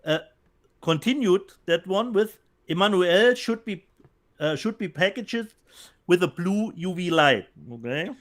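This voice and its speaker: A man's voice: sits high, animated, a little slow. A man with a German accent co-hosting a casual show, reading viewer comments aloud and often repeating words as he searches for them. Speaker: co-host. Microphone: remote call from home.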